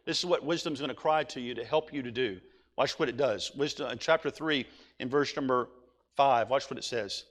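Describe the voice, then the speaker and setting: A man's voice: mid-range voice, fairly quick, a bit bright. A male pastor preaching a sermon, reading scripture aloud and then urging his listeners with rising intensity.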